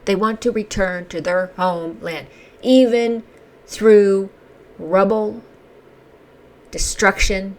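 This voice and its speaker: A woman's voice: mid-range voice, steady tone, slow, darkish tone. A woman giving an emotional, indignant opinion monologue as the host of a commentary channel. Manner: impassioned, indignant, emphatic. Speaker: commentary vlogger.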